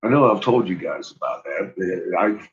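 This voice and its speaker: A man's voice: sits low, animated, normal speed, highs cut off. A man casually telling a personal story, swearing freely and laughing often as he talks.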